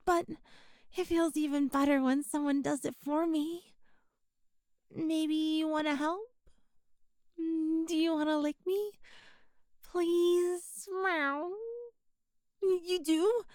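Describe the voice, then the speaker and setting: A woman voicing a lonely, clingy stray catgirl in an intimate audio role-play, meowing between sentences with soft sighs. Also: sits high, steady tone, slow, pauses often, no room sound, clean studio sound. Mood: flirty. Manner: meows between sentences, breathy sighs, flirty and playful.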